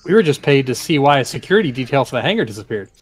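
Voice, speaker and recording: Fast-talking joking male player. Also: mid-range voice, very animated, husky. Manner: joking, wry. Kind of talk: casual game chat.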